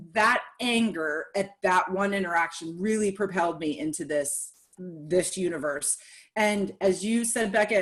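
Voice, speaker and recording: Woman guest, candid and lively, slightly higher voice, chatty podcast tone. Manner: candid and animated, acts out quoted reactions. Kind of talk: casual podcast conversation.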